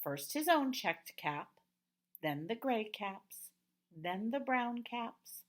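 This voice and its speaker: A woman reading a children's picture book aloud in an expressive voice, sometimes dropping into a hush. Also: fairly high pitch, slow pace. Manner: expressive, with hushed whispered asides. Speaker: storybook reader.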